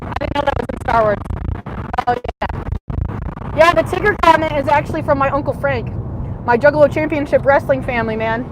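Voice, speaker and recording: A woman livestreaming from her car, ranting passionately, swinging between shouting and muttering. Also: sits high, brisk, long pauses. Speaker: livestreaming vlogger. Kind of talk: rambling livestream rant while driving. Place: in a car in city traffic. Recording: noisy car interior. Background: road and traffic noise.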